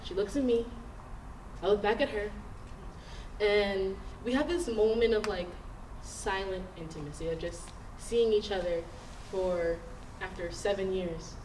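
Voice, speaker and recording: A woman's voice: mid-range voice, measured pace, a little mellow, a little hiss or hum. A woman telling an earnest, reflective personal story at a story slam. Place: stage in a large hall. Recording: echoey hall, picked up from a distance.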